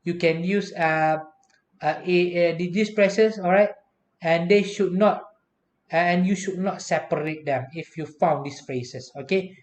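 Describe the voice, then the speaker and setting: A man's voice: high-pitched, a little slow, roomy sound. Man lecturing, "all right" after each point. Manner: frequent "all right" fillers, patient explaining. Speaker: university lecturer. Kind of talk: recorded English lecture.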